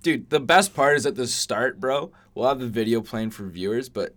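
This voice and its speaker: A man's voice: mid-range voice, normal speed, fairly bright tone. A young man co-hosting a podcast in casual, profane banter about sports. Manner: profane, laid-back, mocking impressions. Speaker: podcast co-host.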